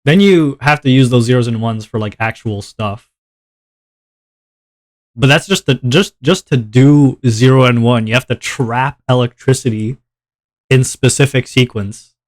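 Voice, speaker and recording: While drawing, a male streamer chats casually with his viewers, rambling, poking fun at himself and laughing often. His voice is medium-pitched and a little slow.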